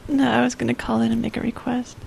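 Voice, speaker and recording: A man putting on a high falsetto voice as a whiny, bored young woman calling a radio request line, mopey and begging. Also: little pitch movement, fast, creaky, noisy background, heavily acted. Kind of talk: comedic radio sketch.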